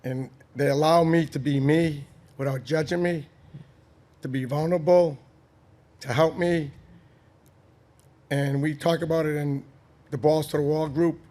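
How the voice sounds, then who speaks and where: A man's voice: a little high, steady tone, a little slow, pauses often, dark tone. A man with a Boston accent, a guest on a podcast, talking earnestly and bluntly with casual swearing. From Boston, Massachusetts. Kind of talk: candid conversational interview.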